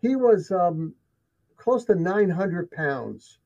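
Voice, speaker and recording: With a high, dark voice, lively intonation, vocal fry and a slow pace, this man tells of his sightings as a guest. He chats casually, emphatic and repeating himself for effect, over dull lo-fi sound.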